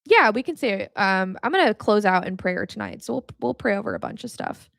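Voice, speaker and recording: A woman's voice: mid-range voice, animated, a little fast, creaky, a bit bright, dry recording, studio quality. A young adult woman hosting a podcast, teaching about faith in a blunt, casual way, cussing freely and ranting with animation. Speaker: podcast host.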